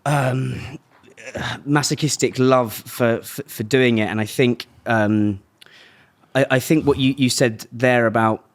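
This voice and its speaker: A man's voice: mid-range voice, steady tone, takes it slowly. A man hosting a podcast, chatting casually with his guest in a laid-back, sweary way. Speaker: podcast host.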